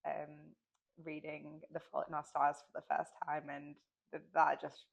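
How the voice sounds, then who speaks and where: Low gravelly woman interviewer. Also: completely flat delivery, a little slow, highs cut off. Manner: chatty, many fillers and restarts, laughs. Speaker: interviewer for the publisher. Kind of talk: casual interview chat.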